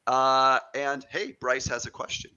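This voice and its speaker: A man hosting a live stream, greeting viewers in a friendly, halting way with many uhs. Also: mid-range voice, level tone, sharp tone, smooth, muffled recording. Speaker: host. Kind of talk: live-stream shout-outs. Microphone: video call.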